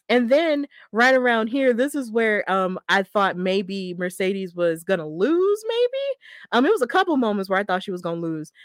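A woman hosting a podcast, casually recapping a wrestling match in a chatty, excitable way and laughing often. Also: mid-range voice, no echo, studio quality. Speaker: podcast host.

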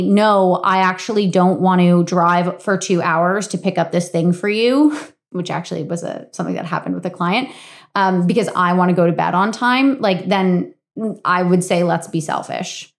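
A woman in her thirties hosting a podcast, talking candidly and chattily, with casual swearing and frequent laughs. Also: fairly low pitch. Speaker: podcast host. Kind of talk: solo podcast monologue.

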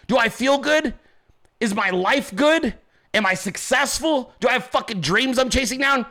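A man's voice: extremely high pitch, normal speed, sharp tone. A man hosting his own show from a home desk, ranting in profane, combative, mocking commentary. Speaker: podcast host.

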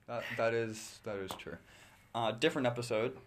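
A teenage boy from Australia co-hosting a casual podcast chat, relaxed and self-deprecating, with some hesitant restarts. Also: mid-range voice, moderate pace, crowd noise. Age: teens. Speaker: podcast co-host.

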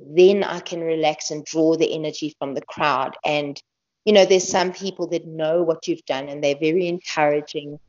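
A woman talks freely in an interview, lower-pitched than most women, and she laughs often and restarts her sentences. The audio is muffled and lo-fi. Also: darkish tone. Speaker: guest ultramarathon runner. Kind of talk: casual interview talk. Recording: dull lo-fi podcast audio.

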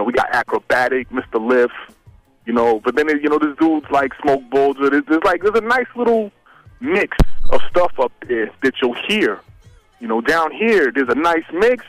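A man's voice: mid-range voice, fairly bright tone, no room sound, poor audio. Laid-back male guest, dry sound. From Worcester, Massachusetts. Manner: laid-back, lots of "you know". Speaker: guest calling in. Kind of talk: casual phone-in chat.

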